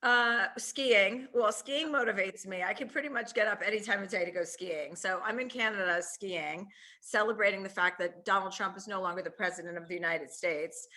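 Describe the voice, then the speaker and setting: A woman in her forties speaks with a bright, forceful tone as a guest on a remote interview call. Her talk is candid and loose, with plenty of fillers as she works through her thoughts, at a mid pitch. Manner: candid, fast-moving, heavy use of fillers like "you know". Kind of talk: casual conversational interview. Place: remote, on a call from a ski trip.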